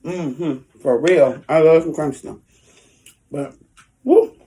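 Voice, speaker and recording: A woman's voice: low-pitched, takes it slowly, warm tone. A woman talking casually to her viewers in an eating vlog, chatty and folksy, chewing while she talks. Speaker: food vlogger.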